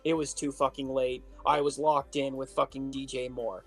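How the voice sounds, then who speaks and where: A man co-hosting a casual podcast, swearing his way through a lively story. Faint music sits behind his voice. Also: mid-range voice, normal speed, gravelly. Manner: animated storytelling, heavy swearing. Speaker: podcast co-host. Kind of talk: casual chat.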